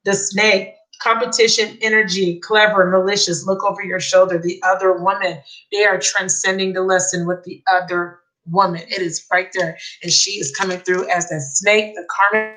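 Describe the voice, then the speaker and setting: A woman giving a live tarot reading, excitable and emotional, repeating key phrases. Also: medium pitch, moderate pace, few pauses, slight background noise, rough recording. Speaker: tarot reader.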